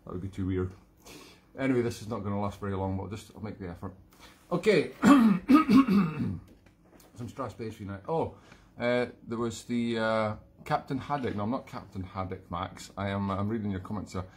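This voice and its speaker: A man's voice: on the low side, brisk, slight background noise. A middle-aged man hosting a home live stream, rambling and self-mocking as he reads viewer comments aloud. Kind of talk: casual live-stream chat. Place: home room.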